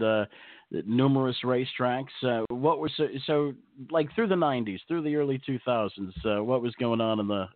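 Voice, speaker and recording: Co-host guy asking halting questions, dry tinny phone sound. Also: mid-range voice, dry recording. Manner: halting, hesitant questions with many "uh"s. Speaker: radio show co-host. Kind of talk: interview questions. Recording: dry phone-line audio.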